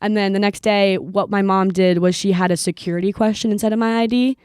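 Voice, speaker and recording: Animated young woman telling a story. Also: medium pitch, fairly quick, clean tone, dry recording, clean studio sound. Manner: animated storyteller, jumps into silly voices and laughs. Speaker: podcast co-host. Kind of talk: casual chat, storytelling.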